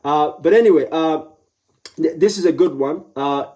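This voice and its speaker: A middle-aged man delivers a live motivational talk, his voice a touch high yet warm and mellow. He hammers his points home through repetition and slips into playful voiced asides. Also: moderate pace. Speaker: motivational speaker.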